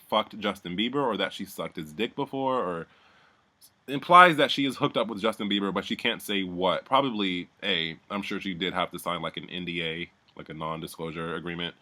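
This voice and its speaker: A man's voice: on the low side, moderate pace, pushed and bright. A man giving a casual, sardonic recap of a reality show, swearing freely and rambling as he goes.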